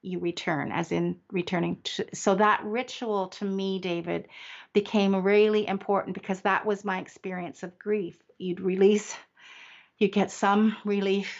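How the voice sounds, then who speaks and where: Older woman, reflective, halting storyteller. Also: mid-range voice, steady tone, lo-fi sound. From Canada. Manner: reflective, halting, often restarts and laughs softly. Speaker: guest. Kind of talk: heartfelt conversational interview.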